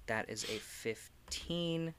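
A man's voice: mid-range voice, animated, slow pace, fairly bright tone, a little hiss or hum. A man playing a tabletop role-playing game, chatting casually and swearing. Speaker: player.

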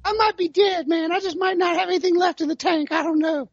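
A man doing a quick impression of a weary aging male quarterback, speaking in a deflated, mournful way. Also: extremely high pitch, steady tone, vocal fry, no echo, dull audio, voice pushed up.

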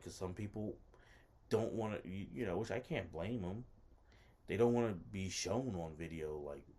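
A man with a deep, low voice tells a personal story casually. He circles back on himself and stumbles through restarts, leaning on "like" constantly. He sounds self-conscious as he goes. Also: a little mellow, breathy edge. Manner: rambling, self-interrupting, lots of "like".

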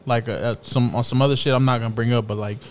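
A man's voice: mid-range voice, steady tone, fast. A man with a Texan accent speaking earnestly in a casual podcast chat, swearing casually. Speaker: podcast co-host.

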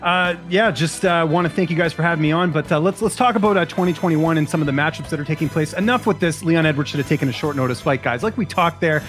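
A man's voice: fairly high pitch, quick pace, few pauses, a bit bright, faint music behind. A man from Canada, a journalist guest on a casual podcast, who jokes and then argues his opinions in earnest. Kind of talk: casual chat.

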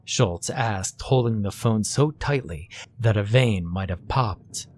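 A man narrating a scripted horror story in a slow, hushed way. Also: on the low side, slight background noise.

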